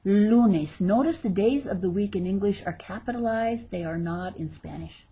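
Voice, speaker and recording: A woman's voice: mid-range voice, normal speed, dark tone, breathy edge. A woman teaching a recorded language lesson, patiently repeating each word for her learners, with a light touch of self-teasing humor. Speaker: Spanish teacher.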